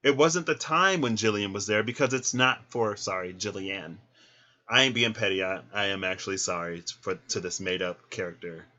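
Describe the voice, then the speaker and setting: A man giving a casual tarot reading, chatty and animated, who laughs often and acts out little scenes. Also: on the low side, moderate pace, lo-fi sound. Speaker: tarot reader.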